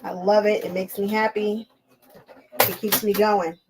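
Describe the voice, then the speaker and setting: A woman's voice: medium pitch, flat delivery, a little slow, noisy background. A woman, hosting a casual crafting livestream, chatting to viewers while she sews and laughing often.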